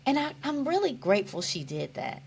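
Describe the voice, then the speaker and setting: Her voice sits high and sing-song, moving a little fast, with vocal fry and a breathy edge. She is a podcast guest in a conversational interview, speaking earnestly and reflectively, frequently restarting sentences and leaning on "you know."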